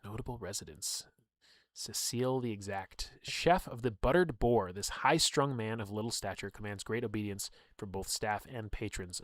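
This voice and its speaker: Young male streamer, casual read-aloud with banter, mid-pitched, dead dry close mic. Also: no room sound. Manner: reads aloud with chatty asides and laughs. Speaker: streamer reading a game book. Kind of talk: casual livestream read-through.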